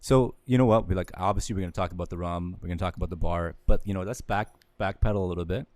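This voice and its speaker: A man's voice: low-pitched, fast talker, a little mellow, no echo. A man hosting a podcast at a distillery, easygoing in casual chat and steering it with questions. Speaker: podcast host. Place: indoors at a distillery.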